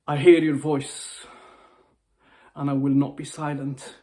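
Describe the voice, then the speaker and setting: A man's voice: fairly high pitch, level tone, slow pace, warm tone. Impassioned man with a raised voice. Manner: emotional, pleading, repeats and restarts phrases. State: upset, near tears. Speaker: motivational speaker. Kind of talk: impassioned personal video message.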